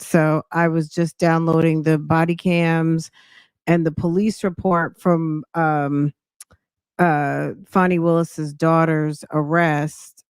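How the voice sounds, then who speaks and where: Woman, live-stream host, casual reaction chat, unhurried, smooth clear voice. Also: sits low, darkish tone, dry recording, studio quality. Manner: chatty, greets viewers by name, thinks aloud while reading.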